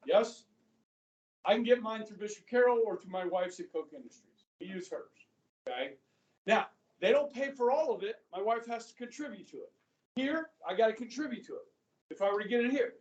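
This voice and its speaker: A high school government teacher in his fifties lecturing a class in a chatty way, often checking in with the students. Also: animated, brisk, darkish tone, dull audio. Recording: echoey classroom from far off.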